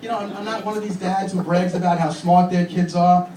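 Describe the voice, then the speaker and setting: A man in his thirties doing a stand-up comedy set in a comedy club, with deadpan delivery and crude punchlines. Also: high-pitched, fairly quick. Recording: echoey club from far off. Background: audience laughter and room noise.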